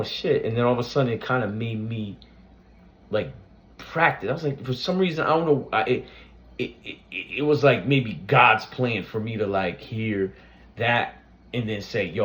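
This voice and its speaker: A man's voice: fairly low pitch, expressive, moderate pace, a bit bright, highs cut off. A man hosting his own reaction channel, talking loosely with lots of fillers and restarts. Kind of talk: casual tribute talk to camera.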